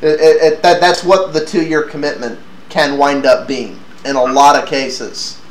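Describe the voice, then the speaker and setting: A man's voice: on the high side, fairly even intonation, a little slow. A man hosting a casual tech chat, stumbling over restarts and laughing often. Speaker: podcast host. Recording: echoey room with faint noise.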